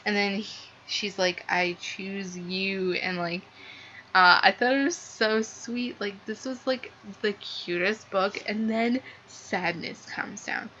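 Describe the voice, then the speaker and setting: Gushing young woman, bright lo-fi voice. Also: medium pitch, slow. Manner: gushing, rambling, heavy use of "like". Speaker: book reviewer. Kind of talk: casual book review vlog. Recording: slightly dull lo-fi sound with faint noise.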